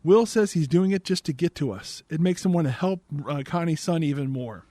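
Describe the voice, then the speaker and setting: A man hosts a podcast and recaps a film in a sarcastic, exasperated way. His voice sits a little high, and the recording is dry and close with no room sound. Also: expressive, brisk, warm tone, dry recording. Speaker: podcast host. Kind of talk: casual movie recap.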